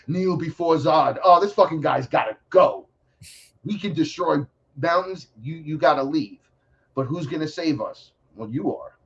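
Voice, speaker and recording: A man telling stories in a casual interview, animated and profane, acting out other voices as he talks. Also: mid-range voice, dull audio. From New York City. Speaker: podcast guest.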